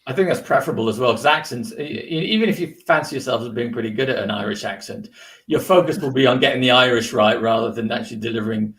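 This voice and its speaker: A man on a gaming panel rushing through his point, stumbling over repeated words. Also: mid-range voice, a bit bright. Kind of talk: casual panel discussion.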